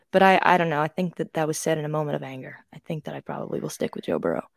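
Her deep voice races along with vocal fry as this young woman, a podcast co-host, tells rambling stories in casual chat, restarting often and leaning on fillers. The sound is dry and clean, studio style.

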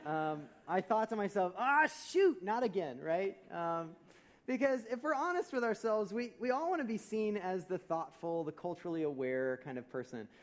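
A man, a pastor, preaching a conversational sermon in a church, telling stories with humor and swinging between loud and soft. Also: high-pitched, lively intonation, normal speed.

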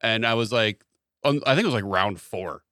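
A man co-hosting a podcast in casual banter, tossing in quick wisecracks and acting out quoted lines. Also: fairly low pitch, pushed and bright, clean tone, dry recording, clean studio sound. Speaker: podcast co-host. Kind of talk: casual chat, jokey banter.

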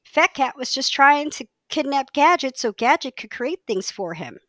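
A woman's voice: high voice, sing-song, moderate pace, a bit bright, no room sound. A woman co-hosting a podcast in casual chat, enthusiastic and chatty, often restarting her sentences. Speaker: podcast co-host.

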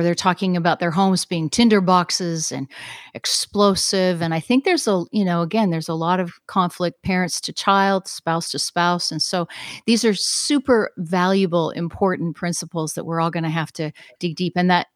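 A woman hosts the conversation in a low, even voice, recorded close and dry with no room sound. She responds reflectively and draws out the guest. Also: moderate pace, no room sound. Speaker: radio ministry host. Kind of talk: interview conversation.

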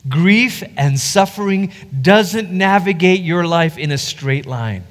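A man who is a pastor, teaching from the Bible in an animated way. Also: high voice, takes it slowly, in a large hall. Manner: animated, acts out quoted voices.

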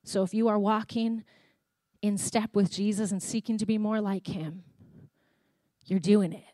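A woman's voice: medium pitch, fairly even intonation, a little slow, dark tone, no echo. A woman with a Canadian accent preaching a sermon in a church, telling stories in a chatty way and acting out conversations. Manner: chatty storytelling, reenacting conversations.

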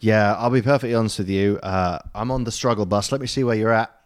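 A man's voice: on the low side, fast talker, no room sound, clean studio sound. A man co-hosting a casual podcast chat over beers, rambling and hesitant, swearing now and then. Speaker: podcast co-host.

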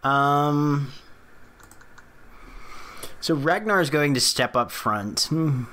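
A man playing a tabletop game, calmly describing what his character does, with thoughtful hums between lines. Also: on the high side. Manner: calm, fills pauses with thoughtful hums. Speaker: player.

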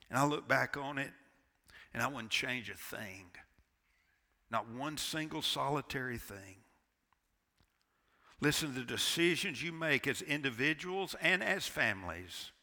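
A man in his sixties preaching with fervor from the pulpit. His voice is bright and forceful with a gravelly edge, and swings from loud to hushed. Long church reverb trails every word. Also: mid-range voice. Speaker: pastor. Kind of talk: sermon. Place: church sanctuary.

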